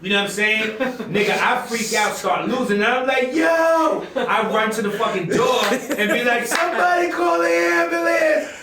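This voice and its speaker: A man, from the Bronx, guest on an interview show, telling a story in an excitable, profane way and acting out moments with loud shouts. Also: high voice, moderate pace, hardly any pauses. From Bronx, New York. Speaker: guest chef. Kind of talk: animated storytelling. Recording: echoey room, mic at a distance, noisy.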